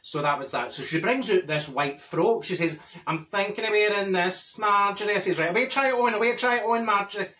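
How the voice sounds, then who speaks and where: Guy putting on brash glasgow auntie, glaswegian accent, high and bright, chatty scots gossip. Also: a little fast, distant mic. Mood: gossipy. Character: brash older Glaswegian woman, gossipy and cheeky. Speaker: comedy character host. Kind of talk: comic character monologue.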